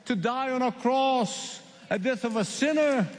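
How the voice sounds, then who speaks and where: A man from the Middle East preaching a sermon, emphatic and repeating key phrases with slow dramatic pauses. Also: extremely high pitch, noisy background. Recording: long reverb of a large hall.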